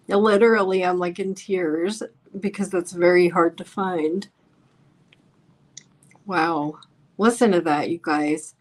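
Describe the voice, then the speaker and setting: Slow-talking woman hosting a live stream. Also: fairly low pitch. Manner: chatty, emphatic, reacts aloud to comments. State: voice getting worn. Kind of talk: casual live-stream chat, reading viewer comments aloud.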